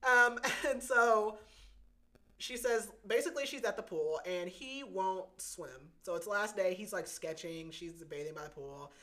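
A woman's voice: mid-range voice, a little slow, fairly bright tone. Chatty woman recapping a book. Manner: chatty, giggly, lots of "like". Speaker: podcast host. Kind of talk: casual book recap chat.

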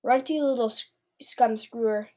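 A woman reading the lines of a huge, greedy male giant in a storybook, shouting bossily with mangled grammar. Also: fairly high pitch, normal speed, natural voice. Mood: bullying.

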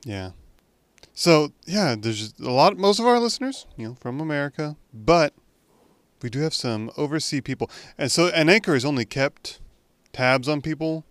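A man's voice: medium pitch, fairly bright tone, smooth, no room sound. A young man co-hosting a podcast, talking in a chatty, rambling way with frequent restarts. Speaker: podcast co-host. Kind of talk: casual chat.

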